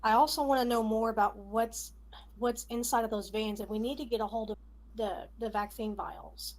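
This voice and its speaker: A woman's voice: fairly high pitch, fairly even intonation, normal speed, poor audio. A woman playing a tabletop role-playing game, speaking hesitantly with many fillers. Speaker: player. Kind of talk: in-character tabletop play.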